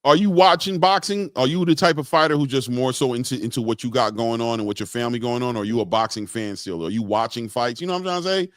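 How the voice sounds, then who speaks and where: A man's voice: medium pitch, fast talker, few pauses, no echo, studio quality. A man hosting a casual interview, asking long, rambling questions full of fillers and backchannel replies. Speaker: interview host.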